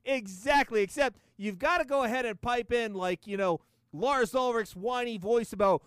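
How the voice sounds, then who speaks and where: A man's voice: extremely high pitch, moderate pace, few pauses, a bit bright, clean tone, dry recording. A man hosting a podcast, ranting sarcastically with lots of swearing and laughter in a casual comedic style. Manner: profane, sarcastic, laughing often.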